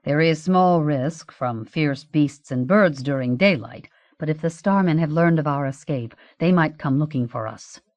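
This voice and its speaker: A woman's voice: sits low, a little slow, few pauses, a little mellow, dry recording, highs cut off, pitched below the performer's own voice. A woman voicing a grave, formal older archduke in an audiobook. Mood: worried. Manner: formal, explanatory. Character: grave older male archduke, anxious guide.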